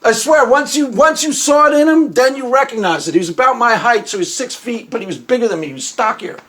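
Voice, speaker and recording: A man's voice: very high voice, fast talker. A man talking unscripted to his video audience, telling stories animatedly and acting out what others said, often laughing. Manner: animated storytelling, acts out quotes, laughs often; conversational, many restarts. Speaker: YouTube commentator.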